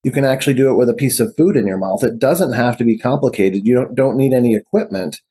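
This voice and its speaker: Earnest man explaining, mellow husky voice. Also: medium pitch, expressive, quick pace. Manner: earnest, explanatory, with frequent rhetorical "right?". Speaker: physician guest. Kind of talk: conversational interview.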